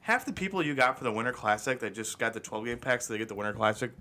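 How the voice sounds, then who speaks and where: Bright-voiced man ranting bluntly. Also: mid-range voice, expressive, racing. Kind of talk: casual chat.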